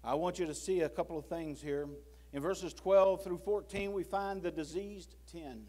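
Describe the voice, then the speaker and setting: A man preaching a sermon in a church, swinging from loud pleading to hushed low tones and acting out prayers and God's words. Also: moderate pace. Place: church sanctuary.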